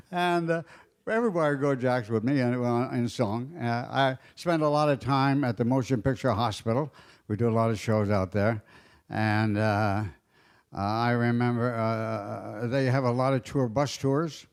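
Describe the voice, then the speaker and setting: An older man telling stand-up jokes at a roast, with a halting, fumbling delivery full of fillers. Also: medium pitch, fairly even intonation, clean tone. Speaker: comedian at a roast. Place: banquet dais.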